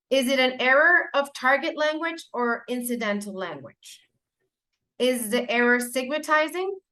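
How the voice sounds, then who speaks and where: A woman's voice: on the high side, bright, forceful tone. A woman whose first language is Spanish, giving a teacher-training lecture in an explanatory way, with fillers and self-corrections.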